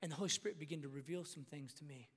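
A man preaching a storytelling sermon, animated and emphatic, repeating words and rising to shouts at his peaks. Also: fairly high pitch, very fast, breathy edge. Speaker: pastor. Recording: long hall reverb.

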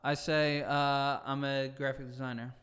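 A man co-hosting a casual podcast who answers with dry, deadpan comebacks. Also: medium pitch, unhurried, clean tone, big-room sound. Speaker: podcast co-host. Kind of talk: casual chat.

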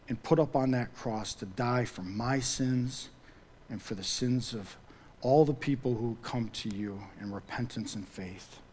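A man preaching a sermon as pastor, pressing his points by repeating them, then praying softly. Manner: emphatic, repeats key phrases; drops to a soft low voice for prayer.

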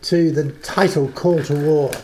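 An older man with a New Zealand accent, a guest telling stories in a relaxed, halting way. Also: a little high, background noise. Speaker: guest, worship songwriter. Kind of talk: reflective storytelling in conversation.

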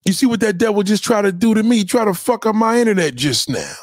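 A man's voice: high voice, animated, fast, no room sound, studio quality. Heated, cursing male livestreamer. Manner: heated, preachy, swears constantly, repeats himself. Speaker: livestream host. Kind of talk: profane motivational rant. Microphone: home webcam mic.

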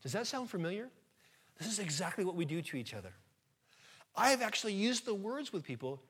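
A pastor giving an earnest, conversational sermon, his voice swelling louder at times. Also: high voice, sing-song, fairly quick, long pauses, breathy edge. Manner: earnest, conversational preaching with sudden rises in volume.

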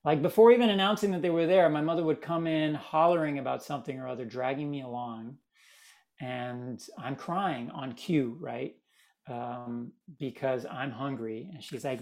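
A man from Miami, a guest in an interview, telling stories in a lively, casual way. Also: medium pitch, normal speed, vocal fry. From Miami, United States. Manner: animated, acts out quoted voices. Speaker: guest, theater maker.

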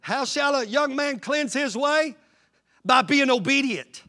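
A man preaches with fervor, driving his points home through repetition and call-and-response. His voice sits very high and rings bright and forceful. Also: measured pace. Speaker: pastor. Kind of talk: sermon.

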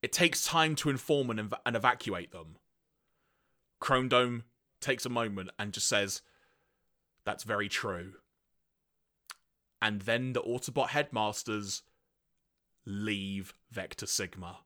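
A man's voice: on the low side, unhurried. A man co-hosting a podcast, recapping episodes in a casual, storytelling way. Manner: storytelling, animated. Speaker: podcast co-host recapping a cartoon.

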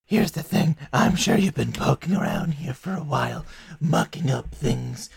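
A man's voice: medium pitch, lively intonation, normal speed, gravelly, slightly rough, full character voice. A man voicing a sly, scheming chained male devil in a tabletop game, sinking now and then into a whisper. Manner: silky, scheming, drops to whispers. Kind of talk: tabletop role-play voice.

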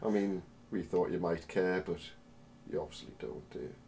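A man co-hosting a comic podcast, boisterous and quick to yell and swear. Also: deep voice, creaky, a little hiss or hum. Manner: boisterous, swears and yells in bursts. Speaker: podcast co-host.

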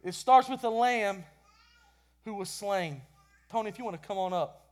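High-voiced impassioned male preacher. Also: moderate pace. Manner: impassioned, rising and falling in loudness; repeats words when stumbling. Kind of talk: sermon.

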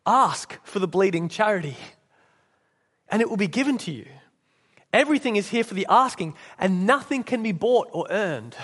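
A calm, humble redeemed man who speaks gently and a little hesitantly, as a preacher reads him aloud. His voice sits high. It carries a long reverb, as in a church hall. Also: normal speed. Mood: gentle. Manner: gentle, hesitant, plain-spoken.

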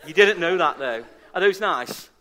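A man's voice: high voice, animated, normal speed, sharp tone, a little hiss or hum. A man preaching a sermon as pastor, emphatic and fond of repeating key phrases for stress. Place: church service.

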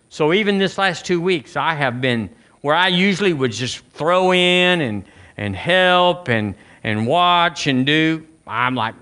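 A man's voice: on the high side, lively intonation, moderate pace, bright, forceful tone. A man preaching a sermon, talking conversationally to the congregation and asking them questions, often restarting and repeating phrases. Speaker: pastor.

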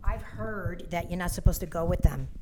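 A woman's voice: fairly low pitch, normal speed, background noise. A woman chatting casually in a group discussion, talking in a chatty way with restarts, holding a handheld microphone.

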